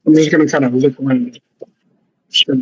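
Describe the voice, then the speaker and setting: A man's voice: medium pitch, steady tone, normal speed, breathy edge, no room sound, lo-fi sound. A man playing a tabletop game, casually describing his character's actions. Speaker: player. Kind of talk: tabletop role-play.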